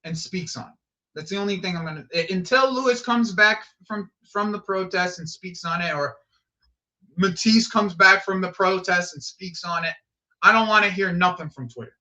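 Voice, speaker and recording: A man's voice: high-pitched, moderate pace, sharp tone, muffled recording. A man hosting a live football watch-along stream, rambling and swearing, repeating himself and blurting out reactions to the play.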